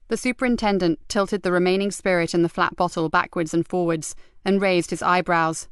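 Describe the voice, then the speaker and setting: Audiobook reader: woman, lowish smooth voice, measured crime-novel narration, dry booth sound. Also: steady tone, no room sound. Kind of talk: scripted narration.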